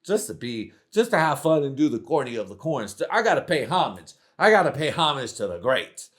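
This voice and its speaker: A man's voice: mid-range voice, sing-song, fairly quick, fairly bright tone. A man casually rambling through stand-up jokes he is trying out, loose and profane. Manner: rambling, profane, laid-back. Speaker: comedian.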